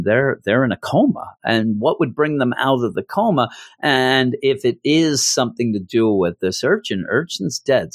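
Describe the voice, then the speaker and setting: A man's voice: medium pitch, dry recording, studio quality. A man casually reviewing a comic book, rambling and enthusiastic, often stopping and restarting. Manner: rambling, self-interrupting, enthusiastic.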